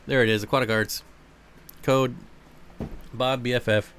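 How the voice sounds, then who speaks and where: A man hosting a casual livestream from home, chatting with viewers and cooing to his dogs in a high voice. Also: steady tone, a little slow, fairly bright tone, slight background noise. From United States. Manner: coos to his dogs in a high baby voice, talks back to chat. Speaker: livestream host of an aquarium channel.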